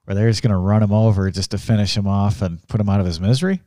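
A man interviewing a guest, answering him with calm, short, affirming replies. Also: on the low side, fast talker, dry recording, studio quality. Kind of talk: conversational interview.

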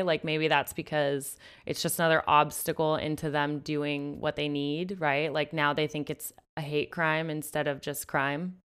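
A woman's voice: low voice, fairly bright tone, smooth. A woman co-hosting a podcast, chatting animatedly about a book and its film, full of "like" fillers. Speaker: podcast co-host. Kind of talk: casual book-and-film discussion.

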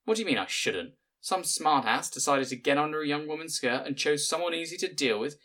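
A man voicing a gruff, stern older village father who talks bluntly and scolds often. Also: on the high side, expressive, pushed and bright, pitched above the performer's own voice. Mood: stern scolding. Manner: blunt, scolding, quick to lecture.

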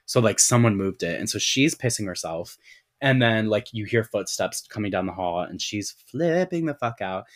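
A man's voice: lowish voice, moderate pace. Man recapping a film in casual, profane chat. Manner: profane, animated storytelling with many "like" fillers. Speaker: podcast co-host.

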